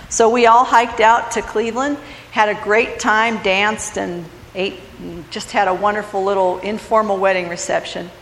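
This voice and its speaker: A middle-aged woman giving a personal testimony from a church, telling her story in a slow, heartfelt way. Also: medium pitch, roomy sound, in a large hall, slight background noise, low-quality recording. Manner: storytelling, slow and heartfelt, lively in funny parts. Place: church sanctuary.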